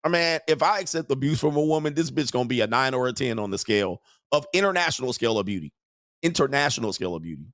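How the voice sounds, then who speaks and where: A man's voice: medium pitch, expressive, quick pace, fairly bright tone, no echo, studio quality. A man hosting a show, delivering a crude, mocking livestream rant and laughing often. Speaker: show host.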